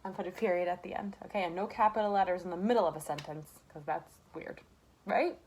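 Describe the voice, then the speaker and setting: A woman's voice: fairly low pitch, fast, darkish tone, slight background noise. A young woman teaching a kindergarten class remotely from home, in a sing-song, encouraging way with lots of rhetorical questions, recorded on a camera mic. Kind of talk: remote lesson to young children.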